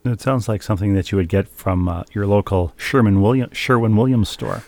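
A middle-aged man with a gravelly, low-set voice co-hosts a sports podcast. He reads listener letters in a wry, meandering way, full of small fillers. The sound is close and dry. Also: fairly quick, darkish tone, no room sound. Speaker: podcast co-host reading listener mail. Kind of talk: casual sports chat.

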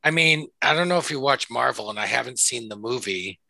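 A man's voice: medium pitch, animated, fairly quick, vocal fry, sharp tone, dry recording, low-quality recording. A man chatting casually as a podcast co-host, enthusiastic and restarting his sentences. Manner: enthusiastic, repeats himself when starting sentences. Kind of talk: casual chat.

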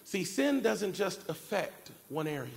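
A man preaching a sermon, telling a family story in an animated way and acting out shouted cries. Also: high voice, measured pace, gravelly, crowd noise. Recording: long reverb of a large hall. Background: keyboard music.

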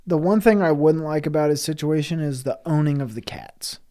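A young man with a fairly high voice co-hosts a podcast in a studio. He talks in a laid-back, crude way and drops "dude" into nearly every line. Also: brisk, a loud crowd. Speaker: podcast co-host. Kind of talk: crude casual banter.

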